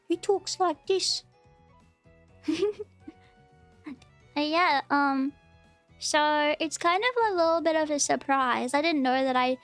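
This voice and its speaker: A woman chatting casually on a live stream, rambling and hesitant with lots of fillers. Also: high voice. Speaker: VTuber streamer.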